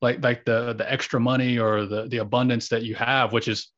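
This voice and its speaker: Guest: earnest man, reflective, restarts phrases, mid-pitched, muffled recording. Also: little pitch movement, brisk, a bit bright. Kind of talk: reflective conversation. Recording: slightly dull lo-fi audio.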